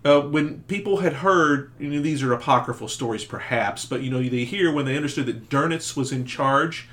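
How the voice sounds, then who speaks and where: A man co-hosting a history podcast, chatty and quick to chime in and riff on the topic. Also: medium pitch, fairly bright tone. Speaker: podcast co-host. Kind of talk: casual history chat.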